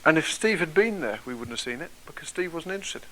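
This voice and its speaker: A British man speaking to an audience as a motivational speaker, telling his story in a conversational tone. He often turns to his listeners with questions. His voice is bright and a touch high. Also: expressive, fast talker, low-quality recording. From Britain.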